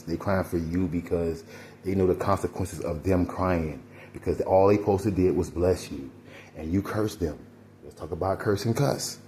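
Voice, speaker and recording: Deep-voiced man preaching casually. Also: a little mellow, a little hiss or hum. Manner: preachy, rambling, addresses listeners as y'all. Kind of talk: casual spiritual monologue.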